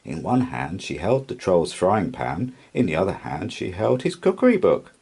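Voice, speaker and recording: A man reading a children's storybook aloud with slow, expressive narration. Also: sits low, breathy edge. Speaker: storybook reader.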